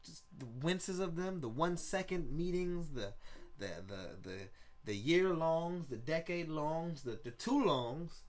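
A man, hosting a casual solo podcast in a loose, rambling, excitable way, swearing often. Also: a little high, measured pace. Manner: rambling, loose and excitable, with frequent profanity and laughs. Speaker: podcast host.

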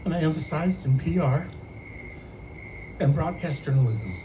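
A man who works as a student affairs advisor, telling a personal story on a podcast in an animated way and laughing often. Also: on the high side, moderate pace, background noise.

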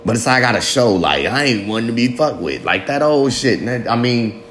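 A man's voice: mid-range voice, very animated, a little fast, fairly bright tone, a little hiss or hum. Profane rambling man in his thirties. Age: 30s. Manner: rambling, profane, self-mocking with frequent laughs. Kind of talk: candid confessional monologue.

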